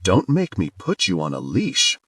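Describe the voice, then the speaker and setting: A man voicing a protective tentacled alien fiancé with a deep, throaty voice and stern warnings, in an audiobook. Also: wildly swooping pitch, normal speed, a bit bright, no echo, clean studio sound, heavily acted.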